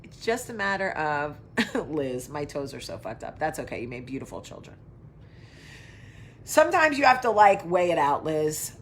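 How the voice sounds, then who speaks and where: A woman's voice: low voice, big pitch swings, normal speed, a little hiss or hum. A woman hosting her own casual talk show, chatting loosely to viewers, wandering between tangents, swearing freely and answering viewer comments as she goes. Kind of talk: casual live chat to viewers.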